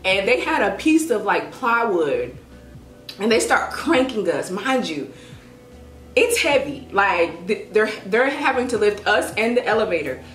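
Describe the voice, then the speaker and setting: A young woman vlogger telling a story in a casual, dramatic, animated way. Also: medium pitch, a little slow. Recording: echoey room with faint music.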